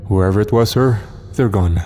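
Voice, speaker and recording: A man's voice: on the low side, normal speed, dark tone, faint music behind, lightly acted. A man voicing a burly male security guard who speaks bluntly and matter-of-factly.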